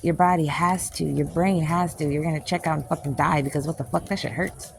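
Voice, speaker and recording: A woman's voice: low-pitched, steady tone, brisk, gravelly, slight background noise. A woman poet teaching a casual spiritual class outdoors. She speaks candidly, swears freely, and laughs often. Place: outdoors, with planes passing overhead.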